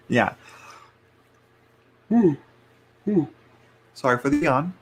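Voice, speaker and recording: A man's voice: on the high side, sing-song, extremely slow, pauses often, slight background noise. A man doing a casual live-stream tarot reading, chatty and frank, laughing often and sometimes dropping to a murmur. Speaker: tarot reader.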